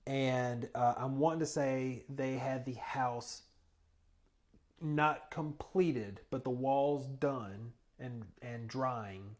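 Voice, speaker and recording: A man's voice: mid-range voice, slow pace. A man co-hosting a podcast, chatting casually and explaining things step by step with the odd filler. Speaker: podcast co-host. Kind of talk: casual chat.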